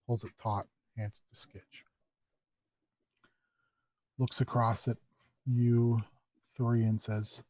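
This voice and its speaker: A man narrating as game master of a tabletop role-playing session, relaxed and unhurried. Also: medium pitch, no echo.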